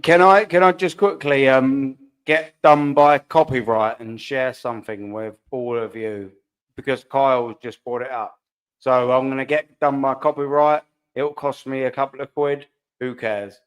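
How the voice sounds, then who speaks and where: A man's voice: mid-range voice, fairly even intonation, a little slow, clean tone, low-quality recording. A man on a casual fan talk show, breezy and chipping in with short remarks.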